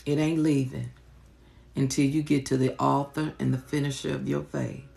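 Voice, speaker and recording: Gravelly-voiced woman preaching with fervor. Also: a bass voice, little pitch movement, normal speed, mellow. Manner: impassioned, colloquial, repeats rhetorical questions. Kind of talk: live-streamed teaching sermon.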